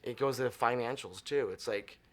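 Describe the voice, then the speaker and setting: Talking fairly quickly in a mid-range voice, this middle-aged interview guest from Arizona is a chatty storyteller. He brings the people in his stories to life by doing their voices and acting out their dialogue.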